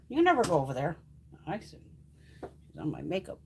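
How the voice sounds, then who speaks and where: A woman's voice: sits low, wildly swooping pitch, fairly quick, a little hiss or hum. A woman hosting a casual makeup livestream from home, chatty and salty, swearing freely and cooing at her cats. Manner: coos in baby talk at her cats. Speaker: beauty livestream host.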